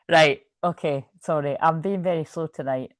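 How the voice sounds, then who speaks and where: A tarot reader with a Scottish accent and a deep voice talks to camera in a casual, rambling, chatty reading, full of swearing and frequent laughter. No room sound is audible.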